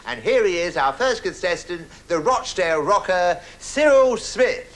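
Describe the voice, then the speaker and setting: A man impersonating a chummy, middle-aged male British game show host with a British accent, bantering briskly in an old TV sketch over loud audience laughter. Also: high voice, sing-song, rough recording. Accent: British English. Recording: archive TV broadcast, loud audience.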